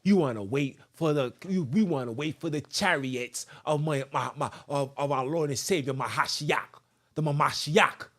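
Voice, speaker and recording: Man, podcast host, fiery, preachy, reads and comments, slightly high pitch. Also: normal speed, fairly bright tone. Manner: preachy, emphatic, breaks off into sung asides.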